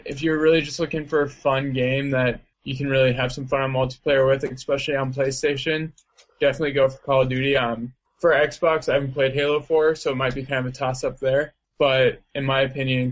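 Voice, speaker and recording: A man chatting casually in an interview, his talk loose and rambling, full of likes and ums. His voice sits at an ordinary middle pitch. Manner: loose, rambling, heavy on fillers. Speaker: interviewee, video game player.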